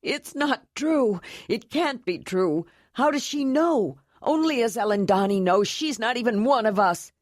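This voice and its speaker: A young man pleads and wails in grief over his brother, as a woman narrator puts him on. His voice rises well above her own low tone, and the reading sounds dry and close. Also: expressive, unhurried, few pauses, no echo. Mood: desperate. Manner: wailing, pleading.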